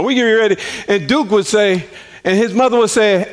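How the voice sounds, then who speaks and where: A man preaching on the radio, telling personal stories in an animated way and often laughing. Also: moderate pace. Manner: animated, laughs often, swings pitch widely.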